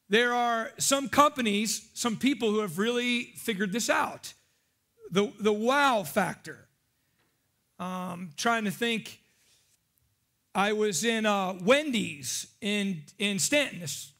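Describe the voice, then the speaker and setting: A male pastor preaching in a relaxed, conversational way, with a very high voice for a man. He jokes and keeps asking the congregation questions. His tone is bright and forceful. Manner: chatty, joking, asks the congregation questions. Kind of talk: casual sermon.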